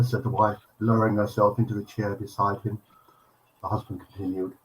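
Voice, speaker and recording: Give me a man telling a joke deadpan on a video call. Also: on the low side, normal speed, poor audio. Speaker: regular telling the joke of the week. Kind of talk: casual chat and joke telling.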